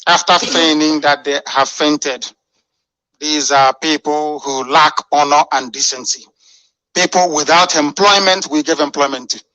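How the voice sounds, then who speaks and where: A man's voice: a little high, steady tone, measured pace, bright, forceful tone, dry recording, rough recording. A man delivering a fiery, scornful radio address full of rhetorical questions. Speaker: radio broadcaster.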